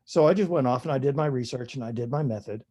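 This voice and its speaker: An older man, an author guest telling stories in a relaxed, chatty, self-deprecating way in an interview. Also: mid-range voice, quick pace.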